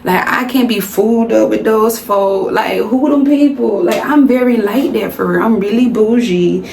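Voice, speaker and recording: A woman's voice: on the high side, normal speed, creaky, darkish tone. A young woman with a Southern American accent, chatting casually to her viewers in a vlog and calling them y'all. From Southern United States. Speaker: vlogger. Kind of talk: casual chit-chat vlog. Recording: roomy home recording with faint background noise.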